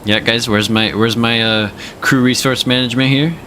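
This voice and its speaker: Young man, slangy, bright-toned streamer. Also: mid-range voice, steady tone, moderate pace, slight background noise. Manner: slangy, joking, drops into put-on accents. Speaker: flight sim streamer. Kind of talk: casual livestream chat.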